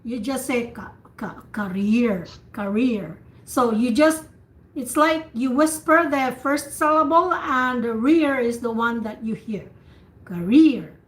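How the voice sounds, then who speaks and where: A woman tutor leading an online speaking practice class, patiently repeating words slowly to model pronunciation over a video call. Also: sits high, a bit bright. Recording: echoey room with faint noise, video call.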